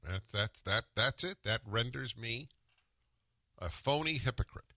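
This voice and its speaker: Older male radio host, forceful and emphatic, bright edge, dry close-miked sound. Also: medium pitch, expressive, a little slow, no room sound. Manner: combative, interrupting, emphatic. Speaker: radio talk show host. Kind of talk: talk radio argument and commentary.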